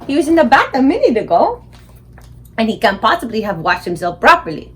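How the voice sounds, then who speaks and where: A woman voicing a flustered, frantic mother with shrill, drawn-out calls. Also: wildly swooping pitch.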